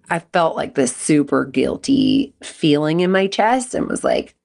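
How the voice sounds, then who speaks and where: A middle-aged woman hosting an advice podcast, talking in a chatty, animated way and acting out quotes from her stories. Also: sits low, measured pace, creaky. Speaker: podcast host and coach. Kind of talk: casual advice talk.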